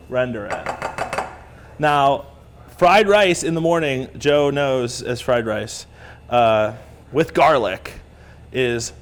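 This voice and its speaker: A man teaching a live cooking class. His talk is slow and chatty, upbeat and a little self-deprecating. Pans sizzle and cookware clatters faintly behind him in the kitchen. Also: on the high side, slight background noise. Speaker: cooking instructor. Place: kitchen studio. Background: sizzling pan and clattering cookware.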